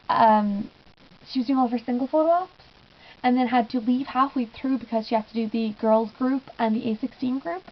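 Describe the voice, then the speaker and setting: A woman's voice: on the high side, creaky. Giggly young woman gushing, lo-fi sound. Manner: gushing, giggly, lots of "I was just like". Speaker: fan vlogger. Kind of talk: casual storytelling vlog.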